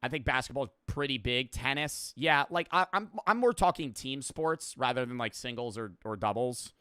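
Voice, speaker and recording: A man's voice: medium pitch, expressive, normal speed, bright, forceful tone, clear, resonant tone, no room sound, studio quality. A young man streaming, chatting casually in a rambling, profane, offhand way while reacting to a video.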